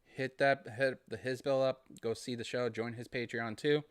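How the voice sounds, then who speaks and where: A man's voice: mid-range voice, fairly even intonation, normal speed, clear, resonant tone, no echo, clean studio sound. A man from Massachusetts with a Boston accent, hosting a casual solo podcast and rambling in a friendly way. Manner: rambling, friendly, laughs between thoughts. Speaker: podcast host.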